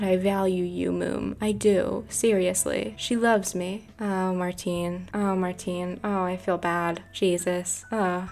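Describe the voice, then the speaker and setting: A woman's voice: fairly low pitch, flat delivery, slow, few pauses, a little mellow. A woman giving over-the-top, swearing commentary while playing a dating game. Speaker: gaming video creator. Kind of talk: let's play commentary.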